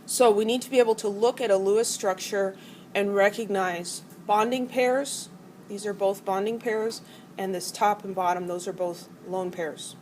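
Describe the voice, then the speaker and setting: A middle-aged woman lectures a college chemistry class in a mid-pitched voice. She is playful and acts out the atoms as quarrelling characters. The classroom has a faint hum of noise behind her. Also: fairly even intonation, normal speed, darkish tone, rough recording. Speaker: chemistry teacher.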